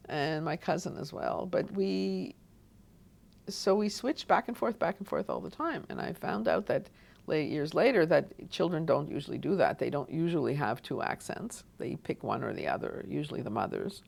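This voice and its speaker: A woman's voice: sits low, big pitch swings, moderate pace, gravelly, a little mellow. A woman from Montreal, an oral history interviewee, reminiscing in a rambling way with frequent restarts and asides. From Montreal, Canada.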